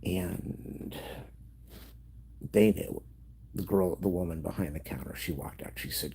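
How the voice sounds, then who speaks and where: A man with an extremely deep, gravelly voice tells a personal story, grieving and close to tears. His delivery is halting and emotional, sometimes sinking to a whisper. Faint noise sits under the recording. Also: warm tone.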